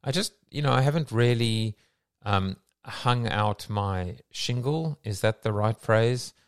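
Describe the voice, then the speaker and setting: A man's voice: mid-range voice, slow pace, clean tone, dry recording, studio quality. A man hosting a casual online coffee chat, talking in a rambling, reflective way with many fillers. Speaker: host of a daily online audio coffee chat.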